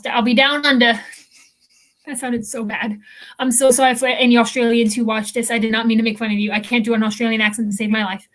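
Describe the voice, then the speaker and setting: A woman's voice: on the high side, a bit bright. Chatty young woman, rambling with fillers. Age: young adult. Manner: rambling, many fillers and restarts. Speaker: podcast co-host. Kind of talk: casual chat.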